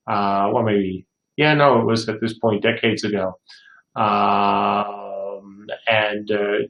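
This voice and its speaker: An older man hosting a casual livestream Q&A, reading viewer questions aloud and answering with rambling anecdotes. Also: mid-range voice. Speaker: game studio head hosting a livestream. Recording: roomy echo.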